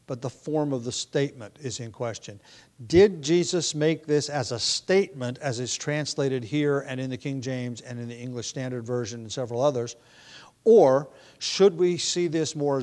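A man's voice: medium pitch, normal speed, a little mellow. A man giving an expository Bible lesson, thinking aloud with frequent restarts and fillers. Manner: thoughtful, self-correcting, many restarts and fillers. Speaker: Bible teacher.

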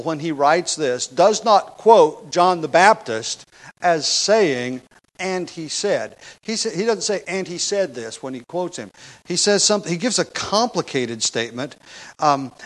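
A man preaching a verse-by-verse sermon, emphatic and slowing down on key words, often asking the congregation rhetorical questions. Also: fairly high pitch, poor audio. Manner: emphatic, slows down for stress. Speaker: pastor. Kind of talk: expository sermon.

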